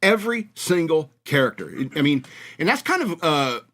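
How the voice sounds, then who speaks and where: An American man hosting a talk radio show in a casual comedic monologue. His voice sits a little high for a man, and he rambles along in a mocking tone, laughing at his own jokes. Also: very animated, normal speed, a bit bright. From United States.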